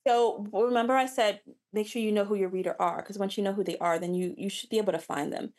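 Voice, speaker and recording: Chatty woman author, animated, restarts often, average pitch. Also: fast. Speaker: romance author guest. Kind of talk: casual interview chat.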